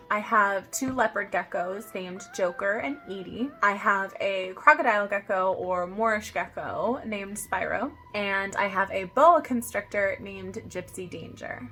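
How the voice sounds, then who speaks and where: A bubbly, excitable young woman chats in a get-to-know-me vlog, dropping "like" constantly. She speaks at a medium pitch and a measured pace over soft background music.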